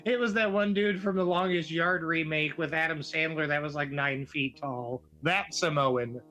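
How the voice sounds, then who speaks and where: A man's voice: on the high side, moderate pace, pushed and bright, faint music behind, rough recording. A man from Canada joining a livestream chat, trading teasing, profane banter. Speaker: stream guest.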